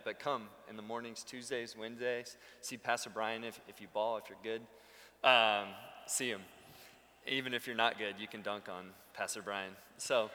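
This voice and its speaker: A man's voice: mid-range voice, sharp tone, in a large hall. A man preaching a sermon, telling stories conversationally with bursts of emphasis. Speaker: pastor.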